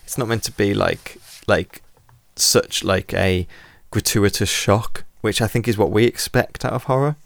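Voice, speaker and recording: A man's voice: fairly low pitch, a little slow, vocal fry, hardly any pauses, dry recording, clean studio sound. A man chatting casually about old horror films, rambling with lots of fillers and restarts. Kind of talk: casual film podcast chat.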